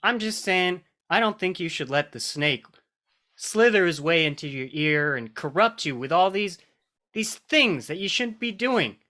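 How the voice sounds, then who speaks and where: A man's voice: sits high, lively intonation, measured pace, pushed and bright, exaggerated voice. An actor playing an earnest, clean-cut 1950s teen boy in a live improv comedy scene, talking in a wholesome, punning way. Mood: pleading.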